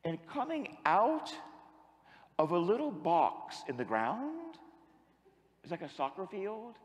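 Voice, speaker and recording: A priest giving a sermon as an animated storyteller who acts out the dialogue. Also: male voice, high-pitched, slow, big-room sound.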